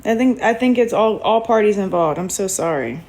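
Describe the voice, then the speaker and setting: A woman's voice: mid-range voice, expressive, normal speed, a little mellow, rough recording. A woman chatting casually to her viewers on a livestream while she reacts to a TV show, laughing often.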